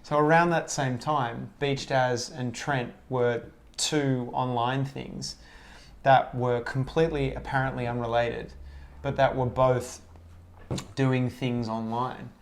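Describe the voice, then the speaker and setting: A man, a comedian and actor, telling relaxed stories in a casual chat, swearing freely and acting out old conversations. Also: mid-range voice, slow. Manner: relaxed, swears freely, acts out past dialogue.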